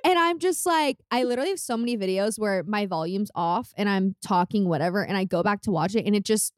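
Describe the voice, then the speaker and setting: A woman's voice: mid-range voice, animated, fast, no echo, studio quality. A woman in her twenties from California, a podcast guest telling stories in a chatty way, laughing as she goes. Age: 20s. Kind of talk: casual chat.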